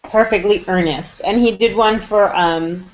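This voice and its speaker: A woman hosting a live online chat show, upbeat and quick to laugh. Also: mid-range voice, slight background noise. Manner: bubbly, upbeat, laughs easily. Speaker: host. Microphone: video call. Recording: dull lo-fi web call audio.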